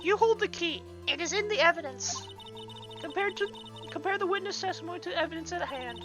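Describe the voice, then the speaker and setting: A woman voicing a calm female mentor lawyer giving instructions in an amateur video game fan dub. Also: extremely high pitch, brisk, music in the background. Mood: instructive. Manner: coaching, instructive.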